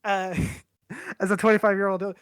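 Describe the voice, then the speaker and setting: A man's voice: high voice, level tone, moderate pace, fairly bright tone, smooth, no room sound. Guy in his 20s rambling on a podcast, candid, swears a lot, dry close sound. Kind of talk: casual chat.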